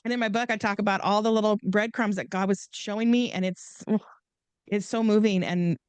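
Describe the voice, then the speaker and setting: A woman's voice: mid-range voice, fairly even intonation, brisk, smooth, no room sound. A woman guest telling stories in a chatty, rambling way, laughing often and restarting her sentences. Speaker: podcast guest and author. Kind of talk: casual storytelling interview.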